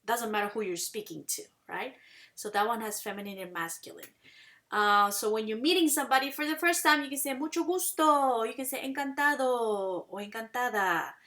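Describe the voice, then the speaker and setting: A woman teaching a Spanish lesson in English, explaining patiently and saying Spanish phrases slowly and clearly for learners to repeat. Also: a little high, sharp tone. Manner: explains patiently, asks "okay?" and "right?" to check understanding. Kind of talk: classroom language lesson.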